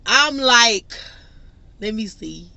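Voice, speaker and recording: A young woman vlogger telling a personal story in an animated, laughing, casual way. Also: on the high side, drawn-out words, creaky, no echo. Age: young adult. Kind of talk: storytime vlog.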